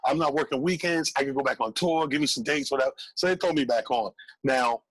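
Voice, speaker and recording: A man, a comedian telling an animated story on a call-in show, acting out voices. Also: mid-range voice, fast talker, slightly rough, no echo, poor audio. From Brooklyn, New York. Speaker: comedian guest.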